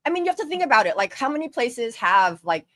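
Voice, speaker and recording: A woman's voice: a little high, sing-song, fast, bright, forceful tone, dry recording. A woman co-hosting a podcast in casual chat, laughing easily and speaking with lots of fillers. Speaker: podcast co-host.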